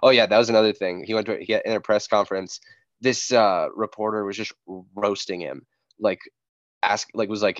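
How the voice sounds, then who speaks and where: A man's voice: fairly low pitch, fairly even intonation, brisk, no room sound. Young man, podcast co-host, easygoing laughs, dry dull sound. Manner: laid-back, laughing, drifts quieter. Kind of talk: casual podcast banter.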